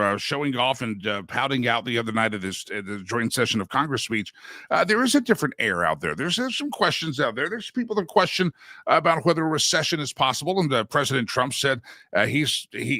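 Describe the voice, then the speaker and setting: A rambling, jokey man hosts a live-streamed political talk show. He talks with a bright, forceful edge and restarts his sentences often. The sound is close and dry. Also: no room sound. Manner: rambling and chatty, full of fillers and restarts; jokey, swings in pitch for emphasis.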